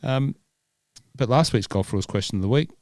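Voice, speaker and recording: A man's voice: mid-range voice, fairly quick, darkish tone, dry recording, studio quality. A man, born in Scotland, hosting a golf podcast in rambling casual chat full of fillers and restarts. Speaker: podcast host.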